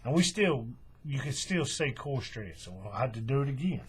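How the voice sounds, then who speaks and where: A man walks through a hands-on craft demonstration in a relaxed, folksy way, narrating each step as his hands work. His pitch rises and falls a lot as he explains. A faint hum sits under the recording. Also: normal speed. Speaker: craft tutorial host.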